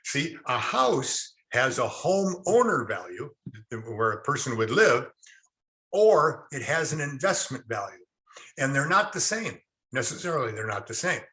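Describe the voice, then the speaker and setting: A man's voice: mid-range voice, unhurried. A middle-aged man teaching a real estate class, telling folksy stories and speaking directly to his students. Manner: animated, folksy storyteller, addresses class directly.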